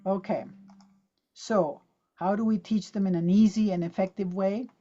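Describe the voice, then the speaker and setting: Lively woman teaching pronunciation, lo-fi call. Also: mid-range voice, moderate pace, music in the background. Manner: lively, demonstrative, drills words aloud and quizzes the audience. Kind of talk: online teaching talk. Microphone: video call.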